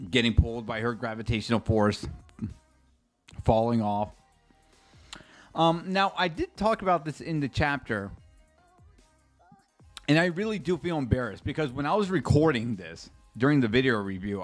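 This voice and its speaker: A man's voice: medium pitch, expressive, moderate pace, pauses often, soft background music. A man streaming a casual live reaction, rambling and chatty, swearing freely and talking straight to his chat.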